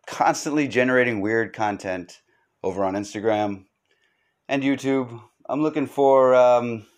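A man's voice: lowish voice, darkish tone, clear, resonant tone. A man hosting his own podcast, rambling through a comic monologue in a joking, self-mocking, sarcastic way. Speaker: podcast host.

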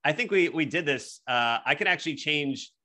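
Podcast co-host, young man, Philly accent, bright voice, joking, loose chat. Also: a little high, lively intonation, normal speed. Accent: Philadelphia. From Philadelphia. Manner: joking, riffing, laughs easily. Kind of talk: casual podcast banter.

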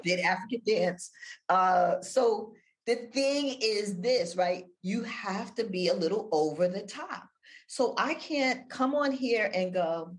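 An older woman talking on a video call as an interview guest, animated, with big swings between loud and near-whispered delivery. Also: mid-range voice, a little slow. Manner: animated, wide swings of inflection, drops to near-whisper for effect. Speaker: guest, audio-room moderator.

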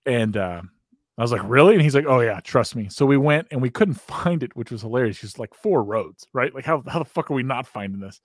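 A man's voice: medium pitch, lively intonation, brisk, no room sound, studio quality. A man with an American accent, hosting a podcast and telling a long, profane, rambling story in casual chat, often breaking into laughter. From United States. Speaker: podcast host.

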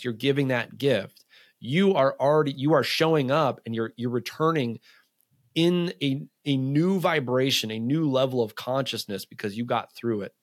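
A man, a men's coach, talking in a casual podcast conversation, telling animated stories full of "like" and acted-out quotes. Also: medium pitch, no echo, clean studio sound.

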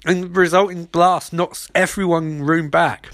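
A man rambles through a comic recap, swearing freely and joking along the way. His voice sits a little high. The sound is dry and close. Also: steady tone, normal speed, fairly bright tone, dry recording. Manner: profane, rambling, jokey. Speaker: show recapper. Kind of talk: casual comedic episode recap.

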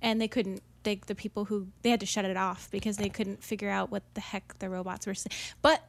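A woman's voice: mid-range voice, little pitch movement, a little fast, creaky. A woman explaining things in a casual group chat, with lots of restarts and fillers.

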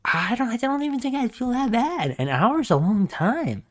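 A young man co-hosting a casual podcast, excitable and swearing, who jumps into high voices to act out cartoon lines. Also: normal speed. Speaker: podcast co-host. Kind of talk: casual chat.

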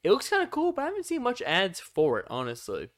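A man co-hosts a loose group podcast, chatting casually with lots of fillers and restarts. His high voice swings hugely in pitch, moves fast, and sounds a bit bright.

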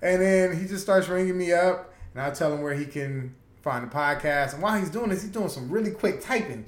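A podcast co-host with a slightly high voice speaks briskly in an echoey room. He banters casually, swears freely, laughs often, and tells stories using animated quoted voices.

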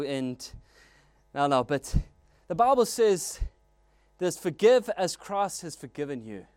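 A man preaching a sermon as pastor, animated and storytelling with jokes and asides. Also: a little high, no echo.

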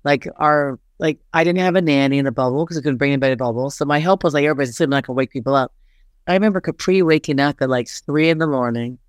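In a low voice and at a rapid-fire pace, a middle-aged basketball head coach tells stories candidly during an interview. She's animated, sprinkles in lots of "like", and acts out what people said. The sound is clean studio quality with no echo.

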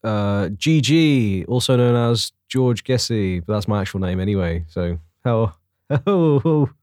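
A young man with an East London accent, co-hosting a podcast with loud, sweary, jokey banter. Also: lowish voice, expressive, unhurried, no room sound, clean studio sound. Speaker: podcast co-host. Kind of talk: casual podcast chat.

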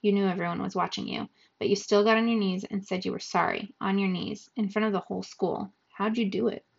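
Woman doing a tough teen boy, halting, kinda pleading, gravelly, lo-fi. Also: mid-range voice, steady tone. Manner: pleading, halting, searching for words. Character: streetwise teenage boy, a guarded school tough. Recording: dull lo-fi recording.

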